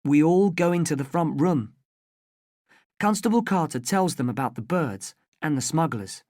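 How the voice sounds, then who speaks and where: A narrator reading a simple story aloud in a plain, careful and deliberate way for English learners. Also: mid-range voice, animated, darkish tone, no echo, clean studio sound.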